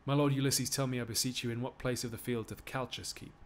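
Man reading a lovesick young prince, soft, wistful, stream reading. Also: medium pitch, fairly even intonation, quick pace, slight background noise, natural voice. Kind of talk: live-streamed Shakespeare reading.

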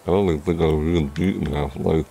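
A man streaming a game, chatting casually and rambling with jokes, sometimes breaking into loud high squeals. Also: fast talker, creaky. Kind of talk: casual gameplay commentary.

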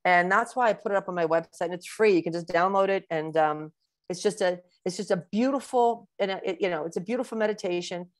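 Low-voiced woman in her sixties, dry sound. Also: fairly quick, no echo. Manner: warm, rambling explanations with many fillers. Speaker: breast cancer physician, guest. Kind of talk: webinar interview answer.

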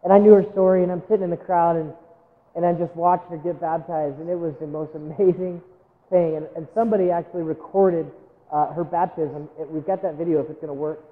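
High-voiced man preaching in a tinny, echoing hall. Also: steady tone, fast. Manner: earnest, emotional, repeats words when moved. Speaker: missionary preacher. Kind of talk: sermon storytelling. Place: church sanctuary. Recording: tinny phone-like sound with long hall reverb.

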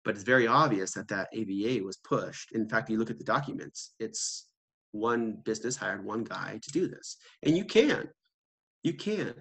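A man's voice: on the low side, animated, normal speed, gravelly, a bit bright, husky. A man giving a conversational seminar talk, telling stories with quoted voices and asking rhetorical questions. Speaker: seminar speaker.

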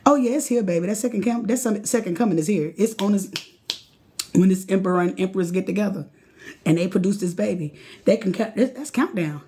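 A woman giving a late-night live tarot reading, casual and slangy, talking straight to her viewers and getting excitable, chanting and repeating herself. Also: mid-range voice, fairly quick, breathy edge. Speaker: tarot card reader.

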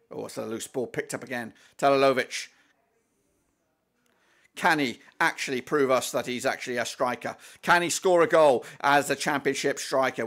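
A man hosting a live football watchalong, commentating excitedly as a fan, with swearing, fillers and restarts. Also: mid-range voice.

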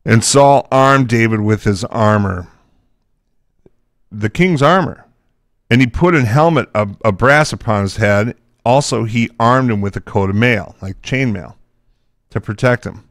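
A man's voice: lowish voice, a little slow, fairly bright tone, no room sound, studio quality. A man teaching from the Bible, reading scripture aloud and breaking into casual, chatty asides.

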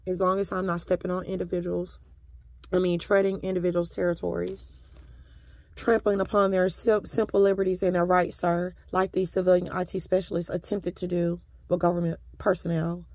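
A woman's voice: on the low side, little pitch movement, fairly quick, darkish tone, no room sound. A woman delivering a combative, profane monologue to camera, with sarcastic politeness throughout. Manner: repeatedly addresses a listener as "sir". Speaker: vlogger.

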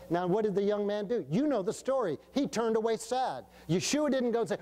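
An older male pastor delivers a sermon, spinning folksy stories and acting out what people said, with an easy chuckle. His voice sits a little high yet sounds mellow and relaxed, without any sharp edge. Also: a little fast, hardly any pauses. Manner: folksy, animated, acts out quotes, chuckles often. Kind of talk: sermon storytelling. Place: church sanctuary.

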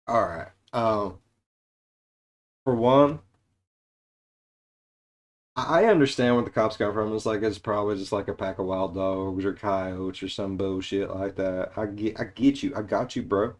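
A man's voice: on the low side, a little slow, pauses often. Casting: man, loose, cursing reaction-video host. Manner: profane, blunt, joking. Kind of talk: casual reaction commentary.

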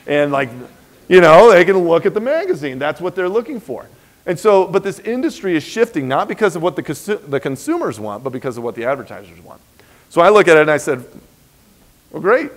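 Animated man telling a business story. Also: on the high side. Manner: animated, emphatic storyteller acting out quoted exchanges. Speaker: business speaker giving a university lecture. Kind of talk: storytelling lecture. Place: lecture hall.

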